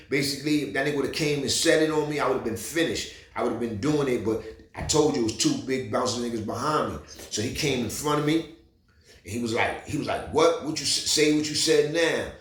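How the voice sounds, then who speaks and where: Animated New man telling a story. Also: mid-range voice, echoey room. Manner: animated, profane, repeats "you heard". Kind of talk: casual street storytelling.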